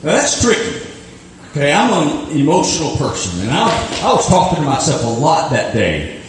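A middle-aged man preaching from the pulpit, his voice pitched a touch high and swinging widely as he tells stories on himself. The sound booms around a large echoey hall, picked up from some distance with faint room noise underneath. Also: normal speed. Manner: animated, self-deprecating storytelling with acted-out self-talk. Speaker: pastor. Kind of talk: storytelling sermon. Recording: echoey hall, mic far from speaker.

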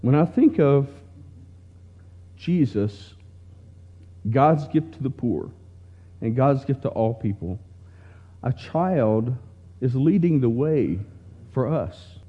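Male preacher, mid-pitched, unhurried tender storytelling; muffled lo-fi recording. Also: expressive, husky. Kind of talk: slow, heartfelt story reading in a sermon. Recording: dull lo-fi recording.

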